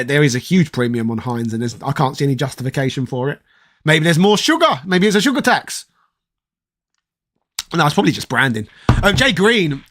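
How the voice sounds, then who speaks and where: A man of around forty speaks in a put-on posh English accent, a persona voice he keeps up over his London upbringing. His voice sits a little high. He chats loosely and bluntly as a stream host reading comments, swearing as he goes. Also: a bit bright. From southeast London, England. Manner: mock-posh, opinionated, swears freely. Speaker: host reading live chat. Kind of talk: casual livestream chat.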